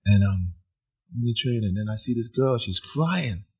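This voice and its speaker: A man's voice: on the low side, lively intonation, moderate pace, breathy edge. A man, a musician guest, telling stories in casual chat in an apartment, acting out quoted voices and laughing often.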